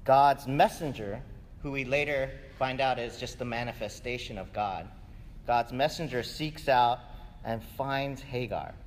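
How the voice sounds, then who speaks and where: A man's voice: mid-range voice, unhurried, a little hiss or hum. A man giving a sermon in a casual, conversational way, often tagging sentences with "right?". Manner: conversational, keeps asking "right?". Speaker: pastor. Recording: echoey hall, faint ambience.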